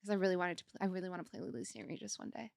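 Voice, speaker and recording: A woman guest on a podcast in casual chat, blunt, with quick asides. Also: lowish voice, steady tone, gravelly, a little mellow, dry recording, studio quality.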